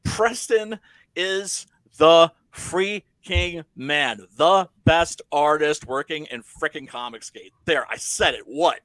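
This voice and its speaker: Excitable high-voiced man, bright tone. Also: slow, no room sound. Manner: excitable, swears a lot, repeats words. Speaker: podcast co-host. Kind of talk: casual chat.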